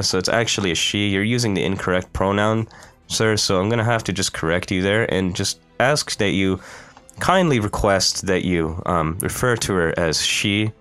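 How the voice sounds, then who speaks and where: A man's voice: deep voice, fairly bright tone, clean tone. A young man playing a game on stream, joking in crude, playful banter. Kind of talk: let's play commentary. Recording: faint game music behind.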